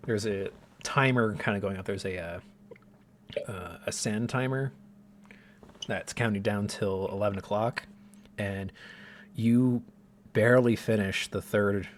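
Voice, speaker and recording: A man narrating a tabletop game as game master, describing scenes in a relaxed way with filler words. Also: on the low side, slow pace, long pauses, slight background noise.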